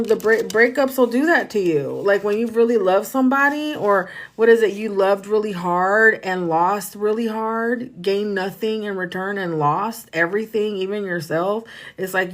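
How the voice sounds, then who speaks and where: A woman's voice: mid-range voice, fairly bright tone. Woman spiritual reader, loose livestream chat, rambles and repeats, speaks to the viewers directly. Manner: rambling, repeats herself, talks to viewers as "y'all".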